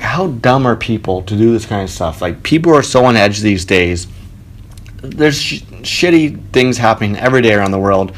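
A man hosting his own podcast from a home studio, telling a story casually, animated and swearing freely. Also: mid-range voice. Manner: animated, swearing, quotes people with raised voice. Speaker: podcast host. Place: spare bedroom home studio. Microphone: home studio mic.

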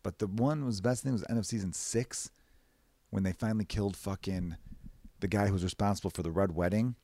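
A man hosting a podcast, rambling casually and profanely, short of breath and jumping into high mock voices. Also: brisk, dry recording. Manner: profane, rambling, animated bursts into high-pitched mimicry. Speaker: podcast host. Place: away from his usual recording space.

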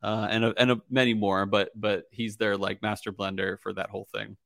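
A man's voice: lowish voice, level tone, a little fast, gravelly, a bit bright, no echo, clean studio sound. A young man hosting a casual podcast chat, rambling with lots of fillers and easy laughter. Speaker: podcast host.

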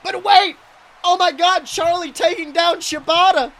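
A man voicing a crude, excitable wrestling announcer who calls the action in profane play-by-play. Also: very high-pitched, a little slow, heavily acted. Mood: excited. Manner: profane, excitable, shouts big moves. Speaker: wrestling commentator character. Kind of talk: comedic play-by-play commentary.

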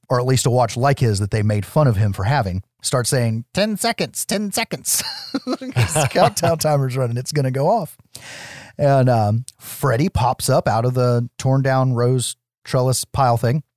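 A man co-hosting a casual podcast, retelling a movie scene by scene with lively, laughing energy and some swearing. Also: mid-range voice, no room sound, studio quality. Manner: animated storytelling, acts out quotes with laughs, swears. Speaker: podcast co-host. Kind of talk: casual film recap chat.

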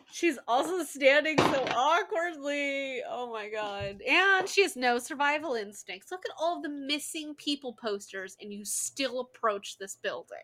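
Animated, sarcastic woman reacting to a film. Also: high voice, measured pace, hardly any pauses, a little hiss or hum. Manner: animated, swears freely, sarcastic running commentary. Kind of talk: casual reaction commentary.

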